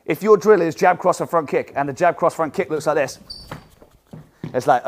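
A man who teaches martial arts, coaching other instructors in a lively teaching talk, projecting his voice and acting out what students say. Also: on the high side, moderate pace, a little hiss or hum. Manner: loud projecting voice from the diaphragm.

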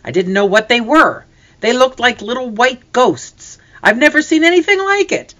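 A reader voicing a shaken, excitable grown man hunter in a storybook reading, talking in a rushed, pleading way. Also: high voice, pitched above the performer's own voice, heavily acted. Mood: alarmed. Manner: breathless, pleading.

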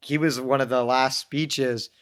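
A young man appears as a podcast guest, telling rambling, self-mocking stories in a casual chat and acting out the voices of the people he quotes. His pitch is medium, his intonation fairly even, and his pace a little slow.

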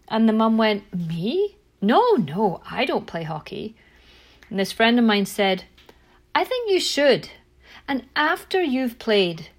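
A middle-aged woman hosting a parenting podcast, talking casually and telling stories, with a frog in her throat and the odd throat clear. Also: medium pitch, darkish tone. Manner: chatty, self-correcting, storytelling. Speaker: podcast host and parent coach.

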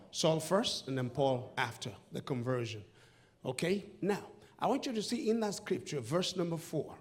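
A man preaching a sermon, emphatic and often shouting to the congregation. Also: on the high side.

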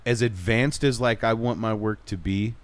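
A man's voice: lowish voice, moderate pace. A man co-hosting a podcast, opinionated and questioning, often restarting his sentences. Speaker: podcast co-host. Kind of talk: casual chat.

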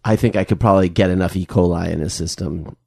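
Deep-voiced man with dry jokes. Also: steady tone, fast talker, creaky, warm tone, breathy edge, no echo. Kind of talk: casual podcast chat.

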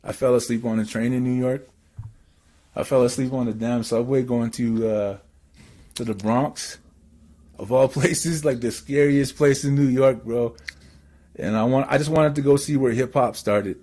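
A man from Canada telling a story in casual chat, excitable and rambling with lots of fillers. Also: mid-range voice, moderate pace.

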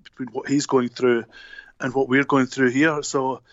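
A man with a Glaswegian Scottish accent, a podcast guest chatting in a measured, friendly way over the phone. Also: mid-range voice, level tone, no echo. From Scotland. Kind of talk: casual chat over the phone. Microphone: phone line. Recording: muffled phone audio.

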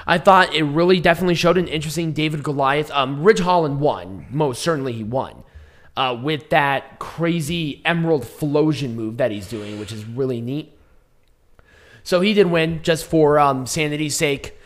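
A young man hosts a casual wrestling review podcast while hoarse from losing his voice, which squeaks and cracks as he rambles and laughs at himself. He talks at normal speed with a slightly bright tone.

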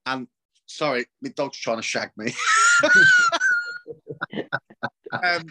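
A man's voice: medium pitch, animated, moderate pace, heavy background noise. A man, talking casually on a podcast, rambling, swearing and laughing often. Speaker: podcast guest.

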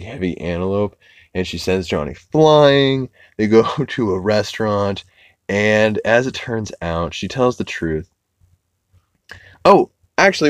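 A man's voice: on the low side, clear, resonant tone, dry recording. A young man hosting a podcast, recapping cartoons in a loose, rambling way, swearing freely. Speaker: podcast host.

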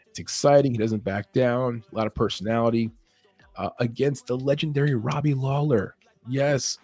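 Man, gravelly voice, husky tone, casual betting talk, dry close sound. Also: medium pitch, darkish tone, no room sound. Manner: talks fast and loose, restarts often, chuckles at his own points. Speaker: MMA betting analyst. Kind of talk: casual podcast fight breakdown.

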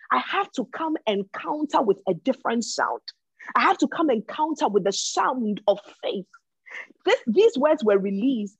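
A woman's voice: fairly high pitch, husky, no room sound. A woman preaching a sermon who repeats her phrases for emphasis. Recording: dull lo-fi recording.

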